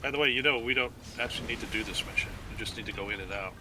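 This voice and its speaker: A man's voice: medium pitch, racing, background noise. A man playing a game alongside the streamer, chiming in with short jokes and remarks. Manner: joking, chimes in with short remarks. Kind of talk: casual chat.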